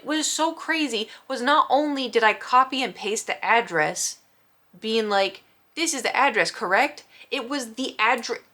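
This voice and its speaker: A woman's voice: fairly high pitch, a little slow, pushed and bright. A woman vlogger telling a rambling, self-deprecating story in a casual storytime vlog.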